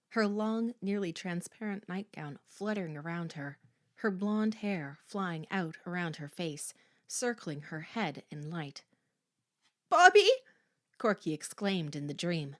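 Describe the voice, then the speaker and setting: A woman narrating a horror audiobook in a slow, hushed, suspenseful manner. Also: on the low side, no room sound, studio quality.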